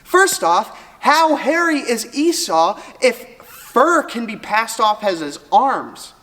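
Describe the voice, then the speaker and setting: A teacher retelling a Bible story to students in a casual, lively way with joking asides. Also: medium pitch, takes it slowly. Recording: long hall reverb.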